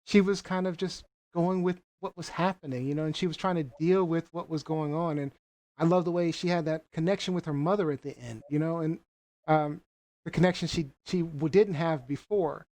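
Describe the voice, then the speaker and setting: Relaxed, reflective talk show host. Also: medium pitch, brisk. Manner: relaxed, reflective, with frequent "I mean" and "you know". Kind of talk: casual discussion.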